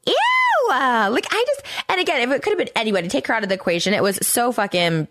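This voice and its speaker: A woman hosting her own podcast, talking in a blunt, profane, rambling way full of fillers, her pitch jumping up when she gets worked up. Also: lively intonation, fast, fairly bright tone, dry recording, studio quality. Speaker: podcast host. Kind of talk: casual commentary monologue.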